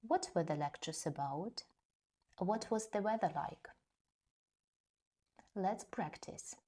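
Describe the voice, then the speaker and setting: A woman teaching an English grammar lesson, explaining slowly and carefully and reading example sentences. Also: lowish voice, animated, dark tone, breathy edge.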